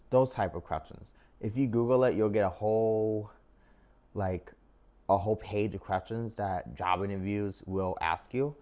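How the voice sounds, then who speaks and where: A young man with a lowish, slightly mellow voice gives his viewers casual job interview advice to camera. He's chatty, calls them "guys," and fills his speech with "like" and "um."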